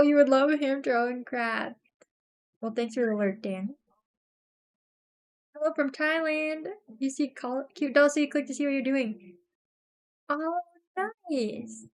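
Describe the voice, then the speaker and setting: A woman's voice: high voice, measured pace, long pauses, fairly bright tone. A young woman streamer chatting casually while crafting, rambling with lots of fillers and frequent giggles.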